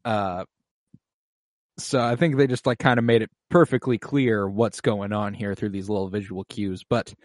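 A man's voice: on the low side, fairly even intonation, normal speed, no room sound, studio quality. A man in casual chat, animatedly retelling a show's episode with lots of swearing and acted-out quotes.

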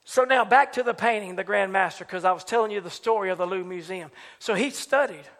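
Man preaching, very high bright voice, chanting and shouting, congregation faintly behind. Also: a little fast, big-room sound. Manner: rising to shouted, chanted preaching with repeated phrases. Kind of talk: sermon. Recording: live church service with congregation.

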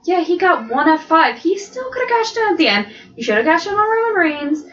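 A woman co-hosting a podcast, chatting excitedly about wrestling, laughing often, with dull lo-fi sound. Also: extremely high pitch, a little fast. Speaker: podcast co-host. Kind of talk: casual wrestling chat.

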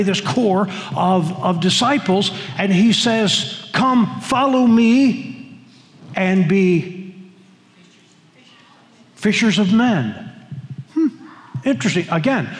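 A man's voice: sits high, in a large hall, rough recording. A man preaching a sermon to his congregation, emphatic, often repeating words and restarting phrases. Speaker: pastor. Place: church sanctuary.

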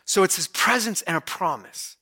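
A male pastor giving a conversational, animated sermon, retelling scripture as a story. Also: high-pitched, normal speed, creaky.

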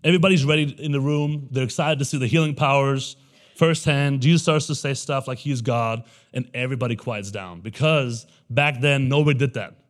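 A young adult man preaching a conversational sermon as pastor. He keeps checking in with the room by asking "right?" and acts out characters in quick, lively asides. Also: mid-range voice.

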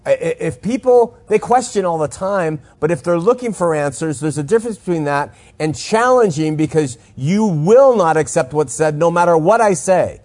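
A man's voice: on the high side, animated, moderate pace, hardly any pauses, a little mellow. Earnest, argumentative male call-in host. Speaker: radio call-in show host. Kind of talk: call-in radio talk, religious commentary.

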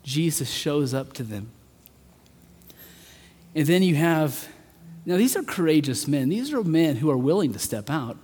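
A man preaching a sermon, earnest, rising to emphatic peaks and then dropping soft. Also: a little high, expressive, unhurried, husky. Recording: long hall reverb.

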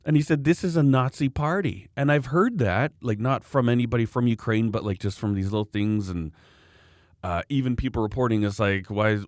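A man's voice: lowish voice, no room sound, clean studio sound. A man talking in a casual, opinionated, rambling way, acting out the people he quotes. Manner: opinionated, rambling, animated quoting. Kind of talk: casual political chat.

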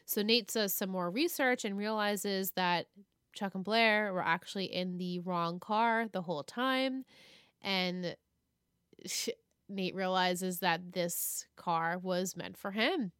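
Smooth-voiced woman recapping a show. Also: medium pitch, slow pace, fairly bright tone, dry recording, studio quality. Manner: chatty storyteller, acts out characters' lines. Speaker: podcast co-host. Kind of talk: casual TV episode recap.

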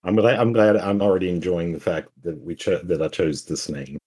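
A man speaking as a player in a tabletop game, relaxed and low-key. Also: a little fast, breathy edge. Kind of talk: in-character roleplay chat.

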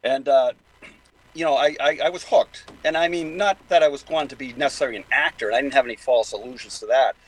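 A man's voice: mid-range voice, quick pace, low-quality recording. Rambling Boston-accented older man. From New England. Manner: rambling, many restarts and fillers. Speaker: guest. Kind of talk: casual interview talk.

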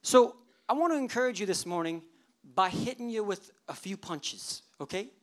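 Male pastor, thirties, preaching; animated and humorous storyteller. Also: high-pitched, moderate pace. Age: 30s. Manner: animated storytelling, acting out worshippers' inner thoughts with humor. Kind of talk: sermon.

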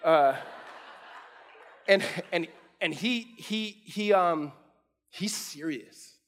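High-voiced pastor telling stories casually. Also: male voice, extremely slow, slight background noise. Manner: casual storytelling with many restarts and fillers. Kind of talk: sermon.

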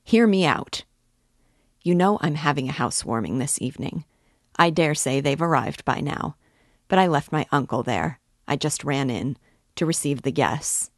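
Lady reading a loud bossy young guy yelling at his buddy, low voice, dry. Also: dry recording. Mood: blustering. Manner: shouting, scolding, rapid outbursts. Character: hot-tempered young man, loud blustering friend.

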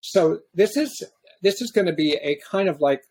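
A man hosting a podcast, talking casually and reflectively, with frequent pauses and restarts. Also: high voice, lively intonation, a little mellow, slight background noise. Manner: halting, restarts often, reflective. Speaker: podcast host.

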